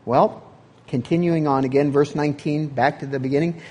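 A man's voice: a little high, fairly even intonation, fairly quick, darkish tone. A man preaching a sermon as pastor, in an earnest, conversational way.

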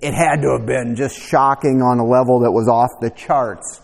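A man preaching a conversational sermon, teaching verse by verse with animated asides. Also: medium pitch, normal speed, creaky, long reverb tail. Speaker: pastor.

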